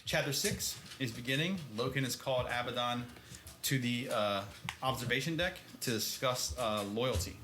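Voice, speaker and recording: A man's voice: mid-range voice, normal speed, noisy background. Rambling man in an echoey room. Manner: rambling, filler-heavy, often laughing. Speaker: podcast co-host. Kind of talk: casual chat recapping a book.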